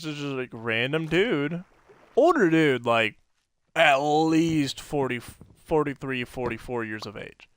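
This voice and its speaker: A man with a smooth, clear voice pitched a little high, chatting loosely on a podcast. He rambles through his stories, stacking fillers and breaking into laughs. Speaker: podcast co-host. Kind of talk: casual podcast chat.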